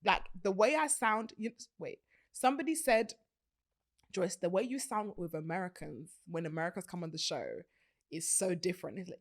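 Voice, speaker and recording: A young British woman hosting a podcast in casual chat, animated, laughing often and swearing casually. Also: fairly low pitch, normal speed. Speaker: podcast host.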